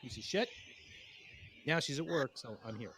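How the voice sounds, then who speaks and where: A man's voice: medium pitch, normal speed, fairly bright tone, slightly rough. A man from Pennsylvania co-hosting a podcast, telling crude, rambling stories in casual banter. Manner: profane, rambling storytelling. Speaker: podcast co-host.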